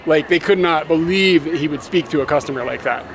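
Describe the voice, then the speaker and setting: High-voiced man ranting outdoors. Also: a little fast, a little hiss or hum. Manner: animated, swearing, laughs while ranting. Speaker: motovlogger. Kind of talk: casual storytelling vlog.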